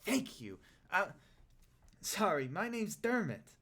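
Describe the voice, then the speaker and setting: A man's voice: high-pitched, very animated, takes it slowly, a bit bright, pitched above the performer's own voice, heavily acted. A man doing a stammering nervous goblin. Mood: relieved. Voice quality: stammering, hesitant. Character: timid male goblin contestant, nervous and stammering.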